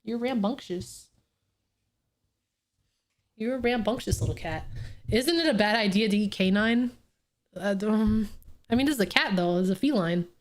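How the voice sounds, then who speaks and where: A woman's voice: medium pitch, normal speed, long pauses. Young woman, game streamer, reads the story aloud, laughs often, swears, chatty. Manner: laughs often, swears, chats to her cat mid-game.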